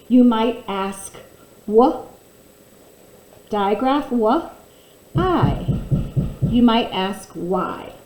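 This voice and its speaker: A woman teaching a phonics lesson to children, slowly and clearly sounding out letters and words. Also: on the high side, mellow. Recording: echoey room.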